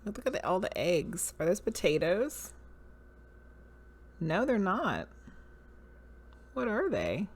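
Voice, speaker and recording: A woman's voice: medium pitch, huge pitch swings, slow pace, long pauses, husky. A woman with a Southern US accent chatting casually on a livestream, musing over cards and talking to viewers. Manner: musing, reads card names aloud, chats with viewers. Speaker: streamer.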